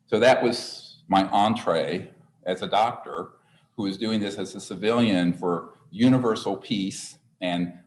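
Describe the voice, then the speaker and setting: A man in his sixties speaking to a seminar audience, telling a story in an earnest, rambling way with frequent restarts. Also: sits low. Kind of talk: live lecture to an audience. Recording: echoey room.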